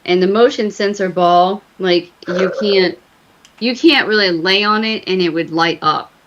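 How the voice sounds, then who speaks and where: A woman's voice: mid-range voice, measured pace, lo-fi sound, noisy background. A woman, a medium, telling a ghost story in a casual, rambling way with many fillers. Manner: rambling, full of fillers and restarts. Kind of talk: casual storytelling on a talk show.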